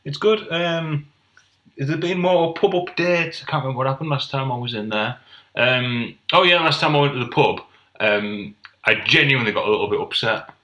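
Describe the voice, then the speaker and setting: A young man from North East England chats casually as a podcast co-host, spinning dry, sweary anecdotes. His voice is bright and forward, and the room around him rings with echo. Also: mid-range voice, moderate pace. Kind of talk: casual chat.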